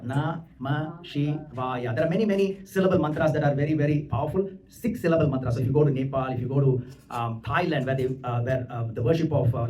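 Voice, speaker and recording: A man giving a devotional lecture in a temple hall, explaining scripture and slowly chanting Sanskrit mantras. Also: mid-range voice, warm tone, recorded from a distance, slight background noise.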